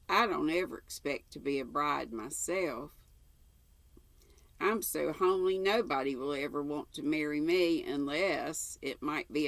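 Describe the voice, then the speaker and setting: A woman's voice: sits low, creaky, a bit bright, dry recording, heavily acted. An older woman reading aloud and voicing a chatty, imaginative orphan girl in a breathless, eager, rambling way.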